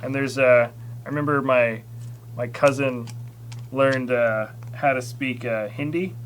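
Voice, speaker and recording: A man co-hosting a live build stream, chatting casually in a relaxed, rambling way with lots of fillers. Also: medium pitch, unhurried, slight background noise, low-quality recording. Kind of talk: casual chat while building.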